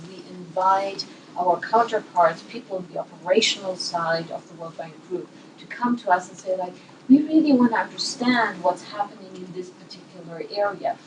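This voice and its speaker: A woman speaks on a panel, measured and thoughtful, often pausing to restart a sentence. Her voice sits low for a woman and comes from some distance off the mic. Steady background noise runs under her words. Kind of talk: panel discussion remarks.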